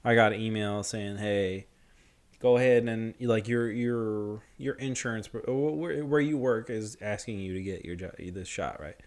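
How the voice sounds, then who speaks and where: A young man telling a story in casual chat, slangy, swearing a lot and animated. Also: lowish voice, moderate pace.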